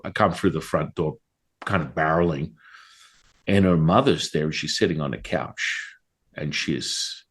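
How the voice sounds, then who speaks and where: Rich: A middle-aged man with a fairly low voice tells a story in a relaxed interview. He is lively and swears freely, and he acts out the exchanges as he goes. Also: breathy edge. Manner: animated, profane, acts out dialogue. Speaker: guest, Taoist priest.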